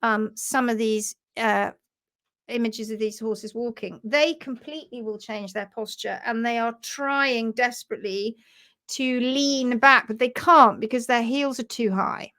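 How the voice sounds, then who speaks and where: A woman's voice: a little high, unhurried, pushed and bright. A woman presenting a casual live stream on hoof care, chatty and giggly.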